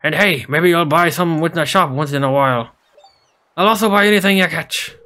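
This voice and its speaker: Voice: medium pitch, fairly quick, bright, forceful tone, close to an everyday voice. A game streamer voicing a hearty old male fisherman with a pirate-like drawl, in a let's play. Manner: hearty sea-dog drawl.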